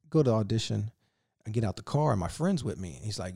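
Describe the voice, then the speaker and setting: A man from Virginia telling animated stories as a podcast guest, cursing freely in casual chat. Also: lowish voice, fast talker, vocal fry, slightly rough, no echo, clean studio sound. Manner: animated, profane, laughing storyteller. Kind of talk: casual storytelling.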